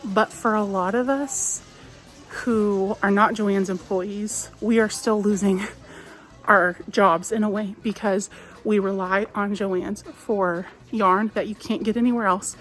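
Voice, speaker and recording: A woman vlogging casually while she walks through a craft store on her phone, chatty and a little wistful, with soft laughs now and then. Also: mid-range voice, fairly even intonation, slow pace, soft background music. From United States. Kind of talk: casual shopping vlog chat. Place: inside a large craft store. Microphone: phone held while walking.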